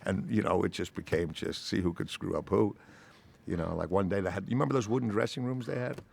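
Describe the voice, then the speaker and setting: Older male actor, gravelly low voice, animated raconteur. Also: fast. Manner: rambling, animated storyteller with many "you know"s. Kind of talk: interview anecdote.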